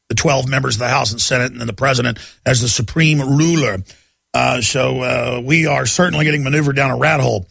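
Gravelly, bright-voiced ranting radio host. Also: male voice, fairly high pitch, dry recording. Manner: ranting, emphatic, many restarts. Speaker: radio talk show host. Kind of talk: talk radio monologue. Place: radio studio. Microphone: studio microphone.

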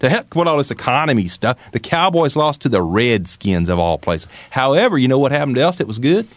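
A man in a middle pitch talking as a guest on talk radio, his voice swinging widely as he tells stories. He cracks sarcastic jokes, and the recording sounds dry and close. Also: brisk, no echo. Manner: animated storyteller, sarcastic jokes.

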